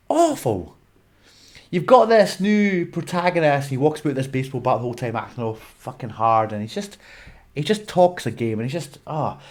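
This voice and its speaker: A Scottish man ranting bluntly in a film review vlog, swearing and exasperated. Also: medium pitch. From Scotland. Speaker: movie reviewer.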